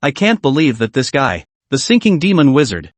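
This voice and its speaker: A man voicing a calm, wry young male beast master in a comic recap, with a dry, mocking manner. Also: mid-range voice, moderate pace, dry recording, lightly acted.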